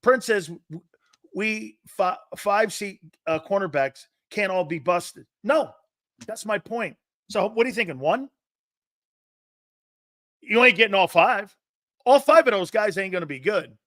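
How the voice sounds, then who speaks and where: A man hosting a sports talk show, brash and profane, arguing loudly with his co-host. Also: high-pitched, animated, unhurried, long pauses, no room sound.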